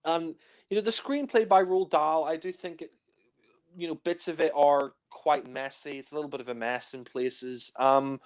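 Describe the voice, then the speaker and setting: A man's voice: on the high side, steady tone, normal speed, clean tone. A young man, reviewing films in casual chat, full of fillers and playful retellings. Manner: chatty, many fillers, acts out scenes in silly voices. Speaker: film reviewer. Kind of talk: casual film discussion.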